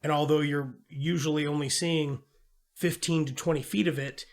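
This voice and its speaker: A man with a slightly higher voice recaps a film plot in a loose, profane way. He jumps into quick impressions of the characters as he goes. It sounds like an easygoing chat between friends about movies. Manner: animated retelling with acted-out quotes and swearing. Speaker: podcast co-host. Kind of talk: casual movie review chat.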